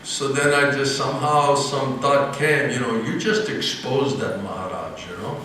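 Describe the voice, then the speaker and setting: Monk giving an animated sermon, bright tense voice, faint room hum behind, mic at a distance. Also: male voice, medium pitch, measured pace. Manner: animated, laughing storyteller. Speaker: monk giving an evening class. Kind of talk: storytelling sermon. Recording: echoey hall, mic at a distance.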